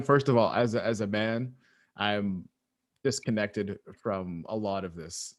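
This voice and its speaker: Canadian-born guy co-hosting; lower voice, wry and self-deprecating, a few ums; call mic. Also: fairly even intonation, unhurried. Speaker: podcast co-host. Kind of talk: casual podcast chat.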